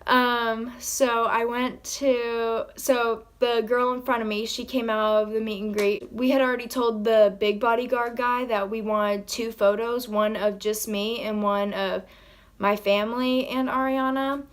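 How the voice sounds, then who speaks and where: A woman telling a story in a casual vlog, rambling excitedly with lots of "like" and acting out what people said. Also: on the high side, measured pace. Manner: acts out quoted lines in her own voice. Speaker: vlogger.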